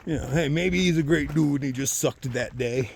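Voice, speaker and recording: Swearing hiker ranting outdoors. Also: male voice, fairly high pitch, moderate pace, slight background noise. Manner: profane, animated rant that swings between loud outbursts and muttered asides. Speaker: long-distance thru-hiker vlogger. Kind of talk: casual storytelling. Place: outdoors on a hiking trail.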